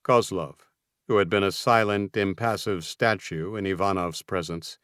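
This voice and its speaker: A man narrating a thriller audiobook in a measured, tense delivery. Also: low-pitched, steady tone, a bit bright, clean tone, dry recording, studio quality.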